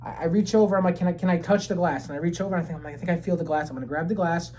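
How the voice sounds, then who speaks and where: Male podcast storyteller, animated and foul-mouthed, with a lively delivery. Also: rapid-fire, low-quality recording. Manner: animated, swears a lot, jumps high when quoting himself. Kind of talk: casual chat, storytelling.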